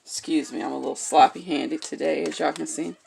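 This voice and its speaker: A woman's voice: sits low, steady tone, brisk, creaky, a little mellow, slight background noise. A woman reading tarot cards in a casual vlog, talking bluntly and frankly, swearing freely and checking in with her viewers as she goes. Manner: keeps checking in with "okay?". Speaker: tarot card reader.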